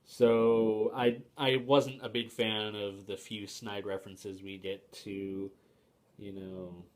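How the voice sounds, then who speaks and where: A man's voice: lowish voice, level tone, takes it slowly. Hesitant young man reviewing a book. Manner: hesitant, many fillers and restarts, opinionated. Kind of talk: casual spoken book review.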